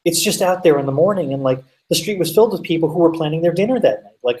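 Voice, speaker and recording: A man's voice: fairly high pitch, lively intonation, fast, darkish tone, recorded from a distance, poor audio. A man telling a story as a guest in a rambling, chatty way with lots of fillers, over a remote call. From United States.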